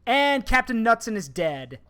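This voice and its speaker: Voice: mid-range voice, big pitch swings, measured pace, a bit bright, smooth, soft background music. A stream host chatting casually while gaming, rambling and repeating points. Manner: rambling, repeats points, talks about game villains at length.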